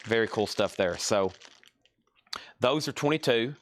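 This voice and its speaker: A man hosting a live record sale, briskly calling out items and prices and repeating buyers' names. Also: medium pitch, expressive, a little hiss or hum. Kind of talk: live-stream sales patter.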